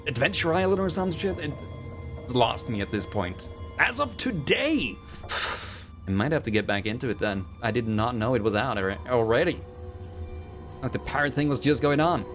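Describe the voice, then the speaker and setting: A man's voice: medium pitch, very animated, normal speed, over music. A man streaming a game live, making sarcastic, chatty asides. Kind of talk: live gameplay commentary.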